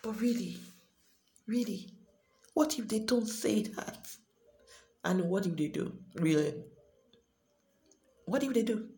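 A woman's voice: mid-range voice, lively intonation, slow, pauses often, dark tone. A woman hosting her own unscripted devotional podcast, speaking earnestly and repeating herself. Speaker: podcast host. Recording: echoey room with faint music.

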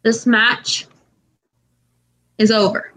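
A woman doing a quick, self-mocking impression of a gruff older male company boss, giving short commands. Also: fairly high pitch, flat delivery, a bit bright, low-quality recording. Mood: commanding.

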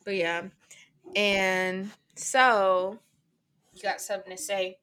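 A woman's voice: medium pitch, little pitch movement, slow, pushed and bright, smooth. A young adult woman co-hosting a podcast, recapping an episode in casual chat with a sarcastic, giggly manner. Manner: sarcastic, giggly, talks over her co-host. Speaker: podcast co-host.

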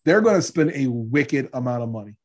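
A man's voice: mid-range voice, expressive, brisk. A middle-aged man co-hosting a casual sports podcast, chatty and joking, often trailing off and restarting. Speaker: podcast co-host.

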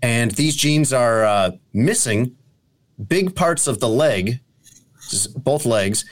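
A man hosting a casual sports talk show, dry and teasing, often pausing with hesitant uhs as he reads out stories. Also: mid-range voice, lively intonation. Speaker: show host.

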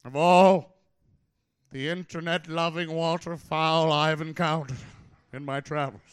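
A man performing a comic slam poem live, theatrical, swinging from loud outbursts to low mutters. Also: fairly even intonation, a little slow, clean tone. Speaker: slam poet.

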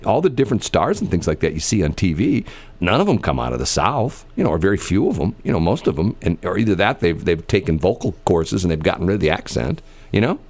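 Deep-voiced middle-aged man, rambling chat. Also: a little mellow. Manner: rambling, storytelling, many fillers and restarts.

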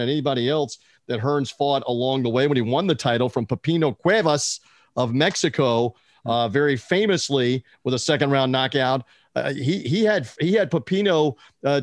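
A man's voice: mid-range voice, no echo, clean studio sound. A man hosting a podcast, telling stories in an enthusiastic, rambling casual chat. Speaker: podcast host.

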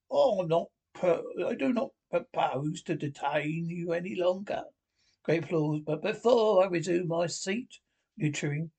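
A man reading the part of a boastful, squeaky weasel chief in a storybook. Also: creaky, a little mellow, breathy edge, heavily acted.

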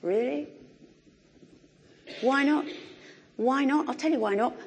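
Animated woman preaching in a reverberant church. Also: high voice, unhurried, long pauses. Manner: animated, conversational with wry humour. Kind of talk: sermon. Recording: long reverb of a large hall.

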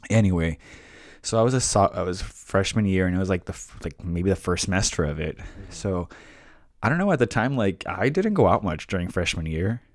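Low-voiced young man rambling through a story. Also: lively intonation, a little fast, no room sound. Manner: rambling storyteller, many fillers and restarts. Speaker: podcast co-host. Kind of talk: casual chat.

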